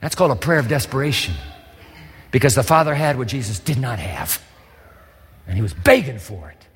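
A man's voice: medium pitch, lively intonation, brisk, slightly rough. A man preaching a sermon as pastor, pleading and asking the listeners questions. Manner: impassioned preaching with rhetorical questions. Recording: long reverb of a large hall.

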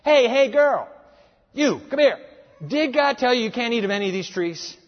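A sly, pushy serpent, as a male preacher puts him on, coaxing in a high, swooping voice that gets louder. The sound is dull and lo-fi, with a long echo from a big hall. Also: lively intonation, normal speed. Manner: wheedling, pushy, mock-friendly. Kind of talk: acted quote within a sermon.

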